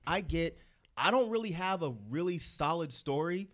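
A middle-aged man ranting in a casual group podcast chat, profane and animated. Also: on the high side, moderate pace. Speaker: podcast co-host.

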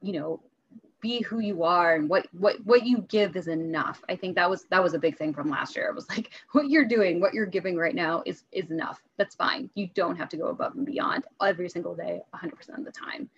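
A woman's voice: fairly low pitch, a little fast, breathy edge, lo-fi sound. Candid, chatty female teacher guest. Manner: candid, chatty, often laughing, many restarts. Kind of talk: casual interview talk.

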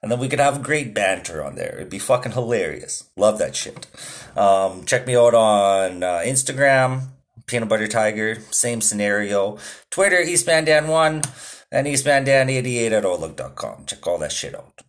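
A man's voice: on the low side, animated, normal speed. A man hosting a podcast, chatting casually with a loose, rambling delivery and frequent swearing. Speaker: podcast host. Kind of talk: profane casual podcast chat.

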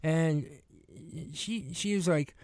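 A man's voice: fairly high pitch, takes it slowly, a little mellow, clear, resonant tone, no echo, studio quality. A man casually telling rambling stories about driving passengers, laughing often and acting out what people said. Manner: rambling, laughing, restarts and acted quotes. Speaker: rideshare driver telling stories. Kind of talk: casual podcast chat.

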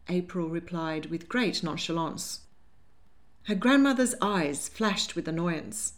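A woman narrating an audiobook in a lively, expressive manner. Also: on the low side, slow. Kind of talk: scripted narration.

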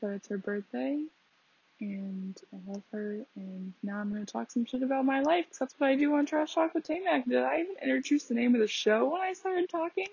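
Young woman rambling on her podcast, kinda higher voice, creaky, dull lo-fi phone mic. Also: a little fast, darkish tone. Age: young adult. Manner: chatty, lots of fillers, laughs at herself. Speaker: podcast host. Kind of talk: casual rambling monologue. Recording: dull lo-fi home recording.

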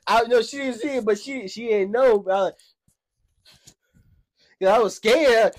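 A young man in casual chat, telling childhood stories in an animated way, laughing often and acting out quoted voices. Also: extremely high pitch, unhurried. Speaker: storyteller.

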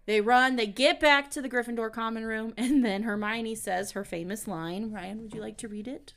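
A woman co-hosting a podcast, recapping a book in casual chat, giggly and animated. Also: fairly high pitch, moderate pace. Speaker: podcast co-host.

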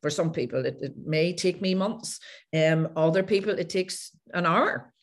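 Lively storytelling woman, lowish voice. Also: moderate pace. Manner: animated, acts out past conversations. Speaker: guest, coach who works with clients. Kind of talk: podcast interview storytelling.

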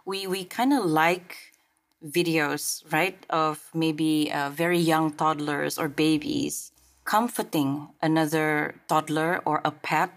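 A woman's voice: low-pitched, fairly even intonation, slow pace. A woman hosting a podcast, talking in a thoughtful, reflective way with plenty of fillers. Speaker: podcast host. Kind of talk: casual conversation.

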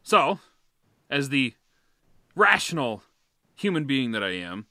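Bright sharp guy on a podcast, voice jumping all over, cussing about his neighbor. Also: medium pitch, sing-song, slow pace, no room sound, clean studio sound. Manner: profane, fired-up ranting. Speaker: podcast co-host. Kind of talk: casual podcast chat.

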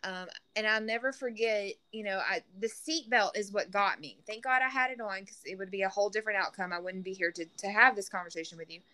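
A woman's voice: mid-range voice, fast, hardly any pauses, sharp tone. A single mother talking earnestly in a podcast conversation, often restarting her sentences. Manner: earnest, frequent restarts and "you know".

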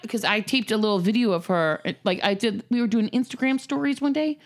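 A woman's voice: mid-range voice, fast, few pauses. A woman in her thirties telling a family story in casual chat, acting out the voices of the people in it. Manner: animated storyteller who acts out voices.

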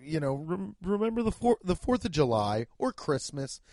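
A man's voice: on the high side, big pitch swings, moderate pace, dark tone, no room sound. A man in his thirties hosting a podcast, with a profane, mocking comedic rant. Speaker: podcast host.

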